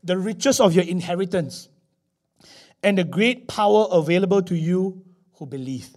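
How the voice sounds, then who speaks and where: A man preaching a sermon, swinging from loud emphasis to quiet asides and acting out little scenes. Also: high voice. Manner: animated, acts out little scenes with voices. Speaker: pastor.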